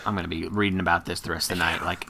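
A man's voice: low voice, level tone, racing, creaky, bright, forceful tone, a little hiss or hum. A man co-hosting a casual podcast chat, thinking aloud and laughing often. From United States. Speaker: podcast co-host.

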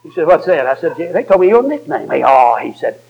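A male preacher giving a sermon, telling folksy stories that swing from chuckling asides to emphatic shouts. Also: a little high, very animated, fast, vocal fry, husky, dull audio.

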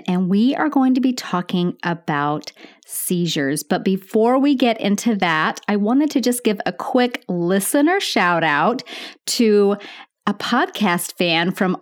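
Woman, nurse podcast host, middle-aged, calm, slow, friendly, teaching. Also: medium pitch.

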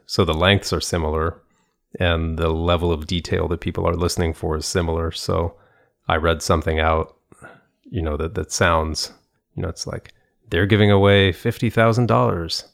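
A man's voice: sits low, level tone, normal speed, creaky, a bit bright. A man co-hosting a casual conversation, telling stories in a thoughtful, rambling way with frequent restarts and laughs. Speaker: podcast co-host.

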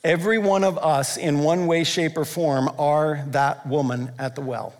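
A man preaching a sermon, emphatic and repetitive, slowing down to stress key phrases. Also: fairly high pitch, fairly even intonation. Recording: long hall reverb.

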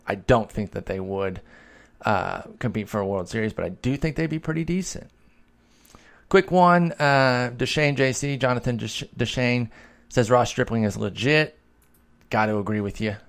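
Low-voiced man chatting casually. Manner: chatty and analytical, thinks aloud with fillers. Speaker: podcast host answering listener questions. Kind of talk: casual chat.

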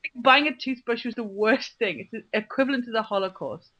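Brief: woman co-host, bright and animated, teasing, quick to laugh. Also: fairly high pitch, lo-fi sound, slight background noise. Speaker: podcast co-host. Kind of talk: casual chat.

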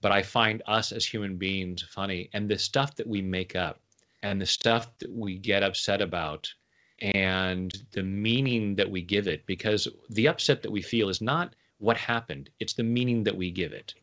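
A man chatting as an interview guest, playful and quick to laugh at his own jokes. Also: on the low side, pushed and bright. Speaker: guest, tapping coach. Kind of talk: casual interview chat.

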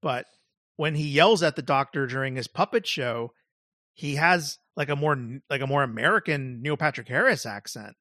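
A man's voice: medium pitch, animated, moderate pace, bright, forceful tone, dry recording, clean studio sound. A male podcast co-host talking casually and rambling, full of "like" and restarts. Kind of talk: casual chat.

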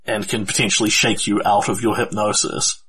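A man acting as game master, narrating outcomes in a relaxed, matter-of-fact way and laughing often. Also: on the low side, a little fast, husky. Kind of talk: running a tabletop game over voice chat.

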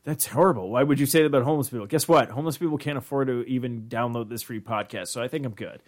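A man's voice: medium pitch, racing. A man co-hosting a podcast, joking crudely and acting out quotes in casual banter. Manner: crude, animated, acts out quotes. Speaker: podcast co-host.

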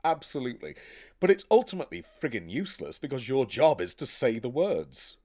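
A man, an actor talking in a blunt, animated, profane way in casual podcast chat. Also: medium pitch, a little fast.

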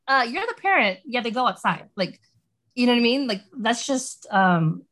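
A woman talking casually as a podcast guest, animated and rambling with lots of "like"s. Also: a little high, moderate pace. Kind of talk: casual chat.

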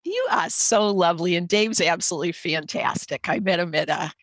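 A woman's voice: fairly low pitch, fairly quick, no room sound. A middle-aged woman with a Boston accent, telling a personal story earnestly as a podcast guest.

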